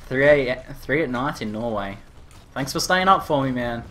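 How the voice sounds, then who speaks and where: A man with an Australian accent chatting casually with viewers during a live game stream, rambling with lots of fillers and quick laughs. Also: mid-range voice, lively intonation, bright, forceful tone, a little hiss or hum. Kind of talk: casual live-stream chat while gaming.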